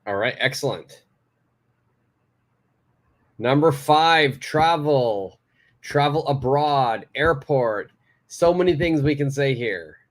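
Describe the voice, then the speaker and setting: A man's voice: mid-range voice, animated, slow pace, pauses often. A man teaching a beginner English lesson, praising students and stressing key words as he explains. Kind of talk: live online English lesson.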